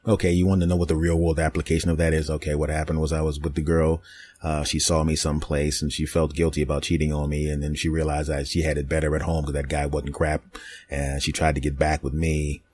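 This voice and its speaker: A man's voice: rumbling low, flat delivery, fast talker, darkish tone. A male podcast host telling crude, rambling comic stories in a mock-dramatic manner. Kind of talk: comedic storytelling monologue.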